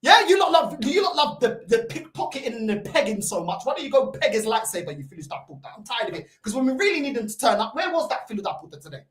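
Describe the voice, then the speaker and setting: A woman with a London accent hosting a football fan stream, ranting heatedly, shouting and swearing, and dropping into Portuguese curses. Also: fairly high pitch, very animated, fast talker, hardly any pauses. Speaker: football fan channel host. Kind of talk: ranting live-stream reaction. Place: room at home by a computer. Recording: roomy echo.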